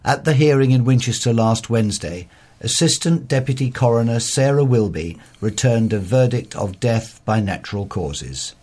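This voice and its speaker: A man reading local news and inquest reports in a steady, sober way. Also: mid-range voice, normal speed, slightly rough. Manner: steady, sober read-aloud delivery. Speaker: volunteer news reader. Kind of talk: reading local newspaper stories aloud.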